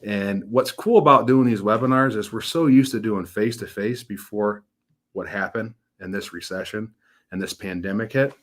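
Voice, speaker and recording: A man's voice: fairly low pitch, normal speed, fairly bright tone. A man in his thirties, a financial advisor, hosting a casual webinar in a folksy, upbeat way, telling stories and acting out the voices in them. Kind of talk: casual webinar presentation with storytelling.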